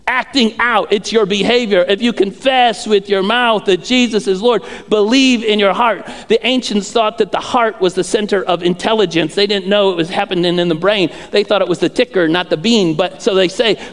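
A male pastor delivers a conversational sermon in a fairly high voice. He repeats phrases and slips in humorous asides. His words carry a long reverb from the church hall. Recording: echoey hall.

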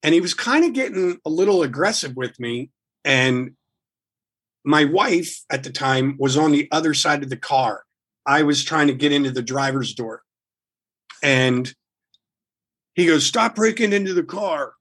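Husky-voiced man telling a wild story. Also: medium pitch, a little slow, long pauses. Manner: animated, rambling with restarts. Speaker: guest musician. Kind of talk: casual storytelling, swearing freely.

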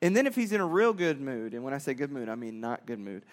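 A man, a father, telling a story to young listeners in an animated way, acting out quotes and laughing often. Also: mid-range voice, quick pace, long reverb tail. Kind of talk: storytelling talk.

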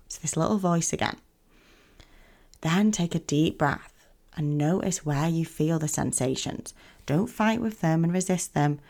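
A woman hosting a self-help podcast, talking in a gentle, soothing coaching manner. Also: low-pitched, gravelly. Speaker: podcast host.

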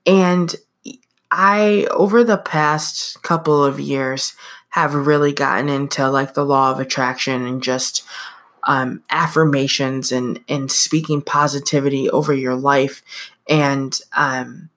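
Low-voiced young woman doing a chatty podcast monologue, slow and easygoing, lots of likes and ums. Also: steady tone, fairly bright tone. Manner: chatty, personal, uses lots of fillers. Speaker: podcast host. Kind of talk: casual storytelling monologue.

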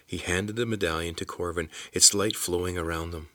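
A man reading a fantasy novel aloud in a measured, steady storytelling manner. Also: deep voice, dry recording. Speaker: audiobook narrator. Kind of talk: scripted narration.

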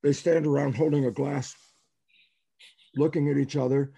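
A man telling stories as a guest in an interview, emphatic and animated, asking rhetorical questions and acting out the lines of people he quotes. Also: a little high, normal speed, creaky, husky, no room sound. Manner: animated, acts out quoted dialogue. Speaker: guest biologist. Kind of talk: storytelling in an interview.

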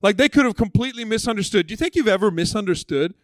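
A male pastor preaching a sermon in a fairly high voice, dramatic, dropping to hushed slow phrases and then rising again. The sound is dry and close, with little room echo. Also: expressive. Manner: dramatic, swings from loud to hushed.

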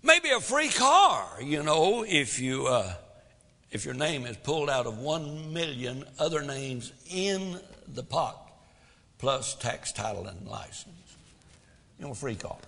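A man's voice: fairly high pitch, big pitch swings, takes it slowly, gravelly, sharp tone, in a large hall. A man preaching a sermon as pastor, folksy, full of rhetorical questions, swelling and dropping for drama.

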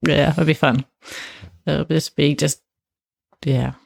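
A woman co-hosting a podcast in casual chat, speaking haltingly and searching for words because of aphasia. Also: sits low, fairly even intonation, vocal fry, a little mellow, no echo, clean studio sound. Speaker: podcast co-host.

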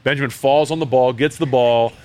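A man's voice: mid-range voice, a little fast, smooth. Podcast guy at a brewery, chatty, lots of um and like, acts out voices. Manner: animated, acts out quoted voices, many fillers and restarts. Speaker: podcast host. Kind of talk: casual storytelling chat.

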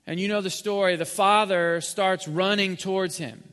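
A man preaching a sermon as pastor, rising to loud peaks and dropping to near whisper. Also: high voice, steady tone, normal speed, clean tone. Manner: builds from quiet to loud, then drops to near whisper. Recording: long hall reverb.

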